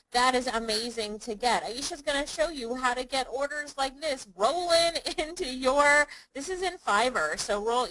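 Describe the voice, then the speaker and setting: A woman's voice: a little high, a bit bright, a little hiss or hum, poor audio. A woman hosting a live online webinar, upbeat and chatty, calling on viewers by name. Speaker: online business course host.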